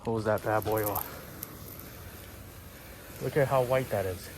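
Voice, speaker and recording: A man chats to the camera about boat work at an easy, unhurried pace. He sounds keenly enthusiastic. A faint hum of outdoor noise sits behind him. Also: on the low side. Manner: chatty and enthusiastic, talks straight to viewers. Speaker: boating vlogger. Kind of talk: casual on-camera commentary.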